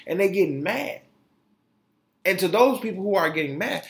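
A man's voice: high voice, expressive, normal speed, very noisy. Blunt, profane male podcast host. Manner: blunt, profane, heated ranting; stumbles and restarts over words. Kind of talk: casual opinion commentary.

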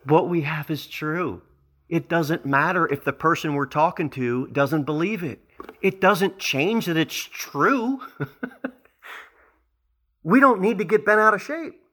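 Middle-aged male pastor, animated sermon delivery, slightly high, bright tone. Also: measured pace. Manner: animated preacher acting out quoted people. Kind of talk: verse-by-verse sermon.

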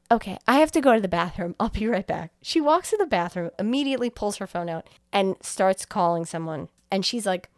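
A woman's voice: medium pitch, no room sound, clean studio sound. A young woman, a podcast co-host, casually retelling a film's plot, acting out the characters' lines and swearing freely. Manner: animated storytelling, acting out quotes, swears freely. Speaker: podcast co-host recapping a film.

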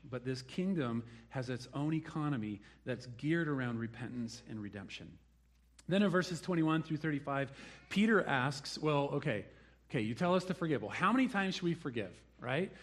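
A man's voice: mid-range voice, expressive, normal speed. A man preaching a sermon, telling the story with animation and acting out the people he quotes. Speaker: pastor.

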